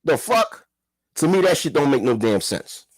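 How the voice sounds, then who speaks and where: A man's voice: medium pitch, very animated, normal speed, husky, no echo. A man giving a heated, profane commentary rant, repeating himself and firing rhetorical questions. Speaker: commentary vlogger. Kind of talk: ranting commentary.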